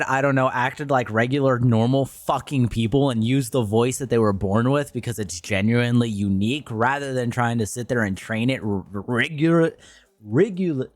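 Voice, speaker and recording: A man's voice: mid-range voice, no room sound. A young man streaming and commenting casually, ranting in a blunt, profane way.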